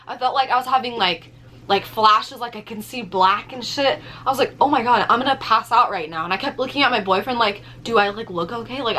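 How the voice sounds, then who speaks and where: A young woman telling a story in a casual vlog, animated, swearing freely and using lots of fillers. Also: on the high side. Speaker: vlogger.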